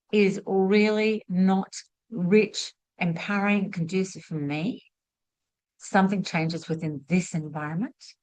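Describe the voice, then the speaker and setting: A woman's voice: medium pitch, poor audio. Chatty woman with a mid-range voice. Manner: chatty and expressive, acts out little quotes. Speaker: spiritual teacher hosting a masterclass. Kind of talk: motivational talk to camera.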